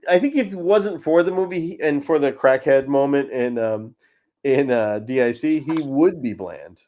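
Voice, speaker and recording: A man hosting a casual podcast chat, animated and crude, often cutting himself off. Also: medium pitch, moderate pace, a little hiss or hum. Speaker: podcast host.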